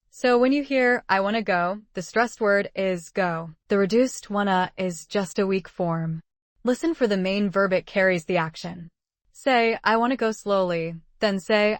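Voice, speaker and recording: A woman narrating an English listening lesson in a clear, measured teaching manner. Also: medium pitch, no echo, clean studio sound.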